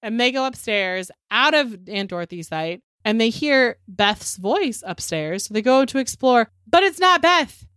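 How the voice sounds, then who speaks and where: A woman's voice: a little high, dry recording. A woman hosting a podcast, casually recapping a movie with lots of swearing and acted-out lines. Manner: animated, swears freely, acts out characters' lines. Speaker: podcast host.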